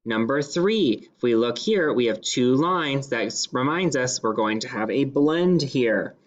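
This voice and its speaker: A male teacher leading a phonics lesson, sounding out each word slowly and deliberately. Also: medium pitch, expressive. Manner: slow, deliberate sounding-out of words. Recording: slightly dull lo-fi classroom recording.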